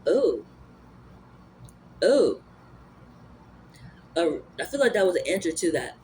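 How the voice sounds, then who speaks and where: Slow and sing-song, a spiritual vlogger's medium-pitched, slightly mellow voice wanders through a casual monologue on energy and spirituality. The speaker muses aloud, rambling with repeated fillers and restarts.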